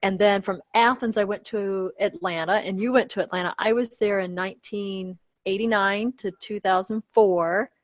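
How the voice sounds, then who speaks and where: A woman in her fifties hosting a podcast, talking in a lively, animated way. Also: medium pitch, normal speed, few pauses, low-quality recording. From Georgia, USA. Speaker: podcast host. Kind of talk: casual podcast chat.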